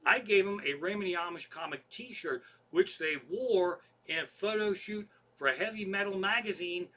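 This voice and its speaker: A comedian telling rambling, profane anecdotes in a casual monologue. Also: male voice, high voice, sharp tone. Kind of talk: storytelling podcast monologue.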